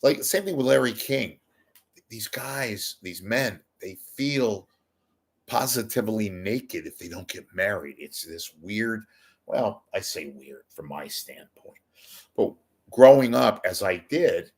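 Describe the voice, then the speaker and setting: A man's voice: on the low side, expressive, slow pace, slightly rough. An older man hosting a livestream, chatting casually in a rambling, self-mocking way. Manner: rambling, self-deprecating joking. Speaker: livestream host. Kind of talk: casual chat.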